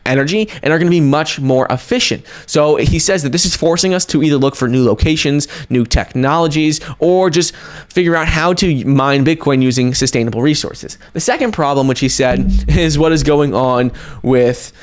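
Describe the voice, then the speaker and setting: Upbeat man giving crypto news. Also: on the high side. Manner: energetic, talks in quick runs with fillers and restarts. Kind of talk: casual news commentary to camera.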